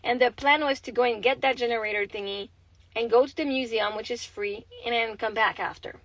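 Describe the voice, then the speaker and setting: Speaking fairly quickly in a fairly high, slightly bright voice, a young Québécois mother livestreams from her phone. She rambles candidly and swears freely with a Québécois French accent, and the recording is rough with no room sound.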